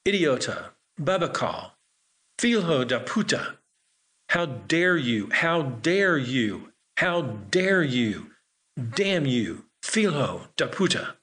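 Older gentleman, proud and touchy, clipped hurried delivery, voiced by a male narrator. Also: medium pitch, expressive. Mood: furious. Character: elderly proud bilingual man, courtly but quick to rage.

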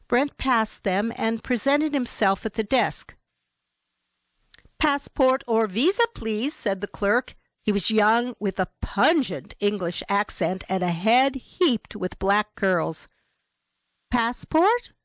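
Woman audiobook narrator, slow and measured, dry close sound. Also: mid-range voice, no echo. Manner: measured, even storytelling. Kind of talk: scripted narration of a novel.

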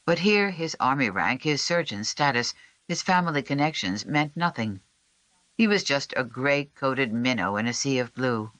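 An audiobook narrator reading a historical novel in a measured, even storytelling voice. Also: mid-range voice, no echo. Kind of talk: scripted narration.

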